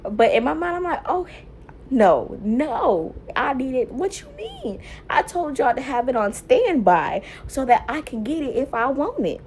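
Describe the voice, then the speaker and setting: A young woman vlogger telling a personal story casually to camera, animated and laughing often, quoting herself loudly. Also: sits high, normal speed, hardly any pauses, a little hiss or hum. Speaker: mom vlogger.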